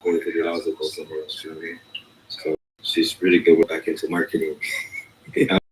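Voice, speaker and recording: A man's voice: rumbling low, completely flat delivery, quick pace, slight background noise, low-quality recording. A man hosting a casual chat, rambling and streetwise, talking in loose asides.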